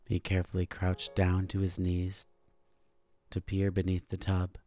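A man narrating a dark fantasy story in a measured, deliberate scripted reading. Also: low voice, monotone.

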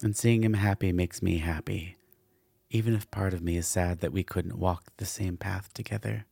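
A tender, loyal woman who soothes her friend, gentle and warm in manner, as a storyteller reads her. The voice stays deep and husky, with a gravelly edge, dry and close. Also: steady tone, normal speed, dry recording, exaggerated voice. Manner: affectionate, soothing.

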